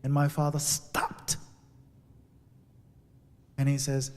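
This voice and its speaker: A man telling a personal story as a sermon, with dramatic shifts from hushed to loud. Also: medium pitch, normal speed. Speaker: speaker. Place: church sanctuary. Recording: long hall reverb.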